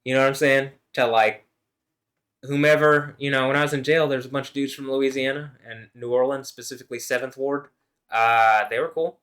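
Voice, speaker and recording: A man rambling through a casual solo vlog monologue, swearing often and trailing off into mumbles between louder bursts. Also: mid-range voice, flat delivery, a little fast. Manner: rambling, profane, swings between mumbling and loud laughing. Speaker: vlogger.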